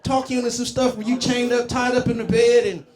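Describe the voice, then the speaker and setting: A man's voice: very high-pitched, level tone, a little fast, a little mellow. A man from Columbus, Ohio, doing a stand-up comedy set, with loose, profane, rambling banter with the crowd, on a club stage with a handheld mic. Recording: echoey club with crowd laughter.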